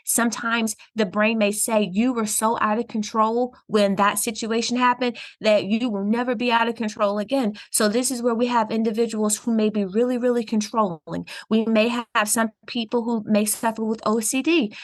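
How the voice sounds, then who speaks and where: Higher-voiced woman counselor, earnest. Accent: Southern US. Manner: earnest, explanatory, warm laughs. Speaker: counselor guest. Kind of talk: podcast interview.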